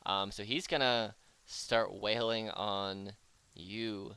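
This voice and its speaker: A man's voice: fairly low pitch, fairly even intonation, takes it slowly, pushed and bright, smooth, dry recording. A man running a tabletop game as game master, narrating casually with fillers and laughs.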